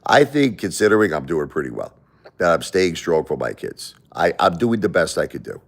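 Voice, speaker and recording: Deep-voiced man ranting to a livestream. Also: big pitch swings, moderate pace. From United States. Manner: blunt, confrontational, emotional. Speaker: livestream host. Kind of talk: livestream rant.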